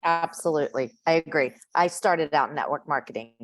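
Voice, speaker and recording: A woman with a raspy voice, chatting candidly on a podcast and laughing at herself. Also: low-pitched, fairly quick. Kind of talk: casual podcast chat.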